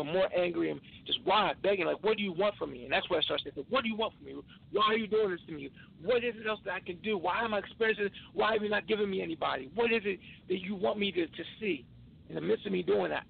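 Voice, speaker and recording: A tired man, a podcast guest, telling an emotional personal story in an earnest, halting way with many restarts. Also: a little high, vocal fry, slightly rough. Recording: tinny phone line.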